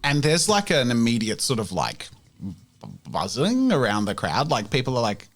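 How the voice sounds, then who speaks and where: A man's voice: medium pitch, huge pitch swings, normal speed, soft background music. A man narrating as game master in a casual, rambling way, full of fillers.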